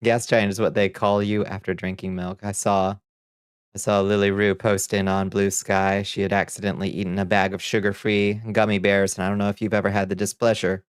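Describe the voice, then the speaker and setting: A relaxed man streaming live, talking loosely with his chat and laughing easily between remarks. His voice sits on the low side, recorded close and dry with almost no room sound. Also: a little fast, smooth, no echo. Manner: laid-back, chuckles often, greets chat by name. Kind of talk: casual livestream chat.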